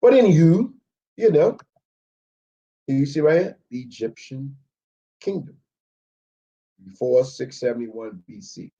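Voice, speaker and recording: Male Bible teacher with a warm, dark voice, leading a live study and checking in often with listeners. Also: medium pitch, dull audio. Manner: checks in with frequent "okay?"; walks through maps and word studies on screen. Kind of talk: live Bible history lesson.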